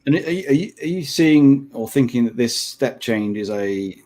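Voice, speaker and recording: A man's voice: medium pitch, animated, normal speed, dark tone. A man hosting a podcast interview, speaking hesitantly with frequent fillers and restarts. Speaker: podcast host.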